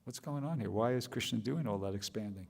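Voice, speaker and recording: A man's voice: fairly low pitch, a little fast, creaky, husky, big-room sound. A man giving a scripture class, thinking aloud with restarts and rhetorical questions.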